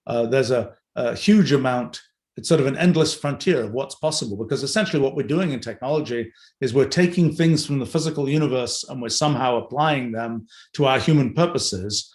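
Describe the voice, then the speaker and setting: A man's voice: mid-range voice, a little fast, darkish tone. An older man hosting an unscripted livestream Q&A, thinking aloud with many fillers and restarts. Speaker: host answering audience questions. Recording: roomy echo.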